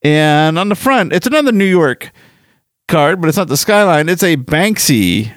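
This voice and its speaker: A man's voice: on the high side, big pitch swings, normal speed, fairly bright tone, no echo, clean studio sound. A man hosting a podcast in casual chat, rambling and self-deprecating as he goes through listener mail. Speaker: podcast host.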